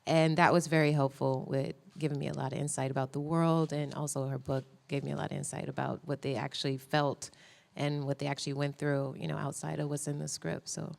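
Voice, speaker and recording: A woman, an actress at a press conference, speaking in an earnest, measured, heartfelt way. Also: sits low, flat delivery, creaky, a little mellow.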